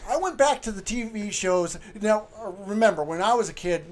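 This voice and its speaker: High-voiced middle-aged man chatting casually. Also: animated, fairly quick. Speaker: podcast co-host, clown. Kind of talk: casual chat.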